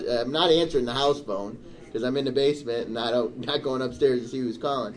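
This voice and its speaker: A middle-aged man telling a story in casual chat, animated and turning indignant as he goes. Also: medium pitch, fairly quick. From Michigan, USA. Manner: animated, rising to indignant outbursts. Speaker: storyteller on a talk show.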